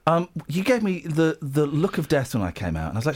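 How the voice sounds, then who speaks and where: A man's voice: on the high side, sing-song, quick pace, a little mellow. A man presenting a radio show, joking and teasing his co-hosts in rambling banter. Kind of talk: jokey studio banter.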